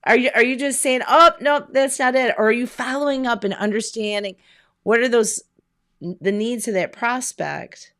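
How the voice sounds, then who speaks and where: A woman business coach giving a motivational online talk from home, energetic and conversational, firing off rhetorical questions. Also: on the high side, moderate pace.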